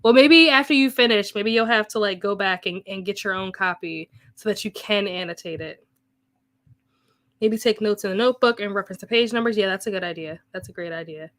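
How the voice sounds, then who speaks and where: A woman hosting a live reading session, chatting easily with her audience between timers. She laughs often and pokes fun at herself. Her pitch sits right in the middle for a woman. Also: fairly quick, a bit bright. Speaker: booktube host reading chat comments. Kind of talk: casual live-stream chat.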